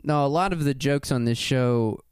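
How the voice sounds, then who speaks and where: A man's voice: medium pitch, moderate pace, clear, resonant tone, no echo, studio quality. A man hosting a podcast, talking loosely and rambling, laughing often. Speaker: podcast host. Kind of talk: casual podcast chat.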